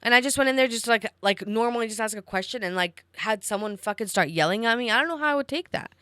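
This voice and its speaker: A young woman co-hosting a relaxed podcast, rambling through her thoughts with plenty of fillers and the odd curse. Her voice is bright and smooth, recorded dry and close. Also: on the high side, quick pace, no echo. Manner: rambling, filler-heavy, casual swearing. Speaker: podcast co-host. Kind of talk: casual chat.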